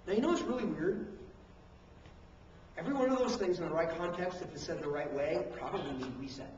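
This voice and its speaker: A man preaching a sermon on parenting, switching between acted-out scolding and hushed emphasis, recorded from a distant camcorder. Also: on the high side, a little fast, pauses often. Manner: animated preaching, acts out parents and coaches, drops to hushed emphasis. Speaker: pastor. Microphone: handheld camcorder from the room. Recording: echoey hall, distant camcorder mic, dull sound.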